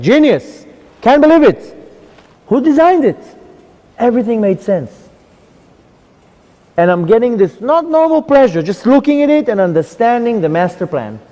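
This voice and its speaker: Man with an animated, expressive voice. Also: high-pitched, big-room sound. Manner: animated, emphatic, repeats phrases for effect. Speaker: rabbi. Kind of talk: testimony of a near-death experience.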